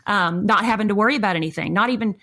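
A middle-aged woman telling a story in an animated, expressive way. She acts out the people she quotes with big leaps in her voice. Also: mid-range voice, racing.

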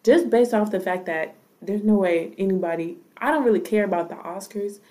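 A woman's voice: medium pitch, a little fast, dark tone. A woman chatting casually, blunt and profane, often hedging her opinions. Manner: blunt, profane, hedges with "I don't know". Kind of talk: casual chat.

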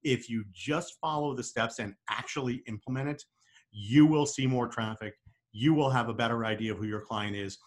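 A man's voice: medium pitch, normal speed. A man hosting a podcast, giving an encouraging introduction to the episode. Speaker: podcast host. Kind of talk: show intro.

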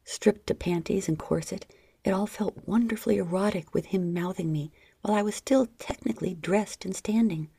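A woman reading a first-person story in a low, breathy, half-whispered intimate voice, close to the mic. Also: moderate pace, dark tone, no echo. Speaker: narrator.

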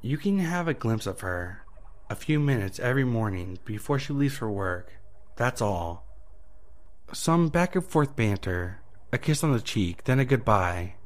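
A man's voice: mid-range voice, very animated, a little slow. A man doing a smug, taunting deal maker. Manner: taunting, gleeful.

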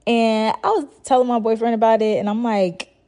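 A woman's voice: a little high, fairly even intonation, normal speed, mellow. A young woman hosting a podcast, retelling a show in a chatty, slangy way full of fillers. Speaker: podcast host. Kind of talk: casual storytelling monologue.

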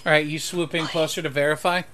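A man narrating as game master of a tabletop role-playing game, pausing often with ums and uhs. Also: fairly high pitch, level tone, sharp tone, a little hiss or hum. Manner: hesitant, lots of ums and uhs.

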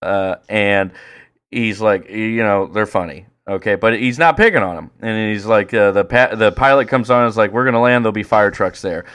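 A man co-hosting a casual podcast, talking in a profane, excitable way and breaking into loud rants. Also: fairly low pitch, moderate pace, smooth. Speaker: podcast co-host.

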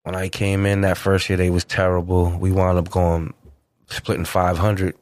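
A man's voice: moderate pace, no echo. A middle-aged man telling a story in casual, slangy, profane talk, acting out quotes with big jumps in his voice. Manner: animated, acts out quotes with big pitch jumps. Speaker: guest.

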